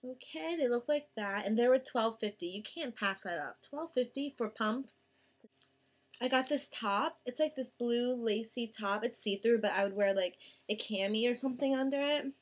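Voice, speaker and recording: A young woman with a slightly high voice talks chattily about her purchases, gushing and drawing out her words. Her casual vlog tone stays bubbly. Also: normal speed. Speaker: vlogger. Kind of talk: casual haul video chat.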